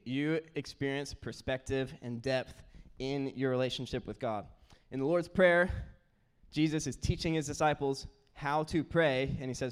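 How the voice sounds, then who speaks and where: Young man, pastor, lively storytelling sermon, smooth clear voice, slightly high. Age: young adult. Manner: animated storyteller, acts out kids' voices. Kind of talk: sermon with personal stories.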